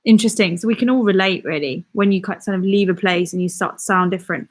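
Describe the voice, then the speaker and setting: Young English woman, vlogger on a live stream, bubbly and chatty, mid-pitched voice. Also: fast. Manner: chatty, bubbly, reads viewer comments aloud. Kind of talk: casual live-stream chat.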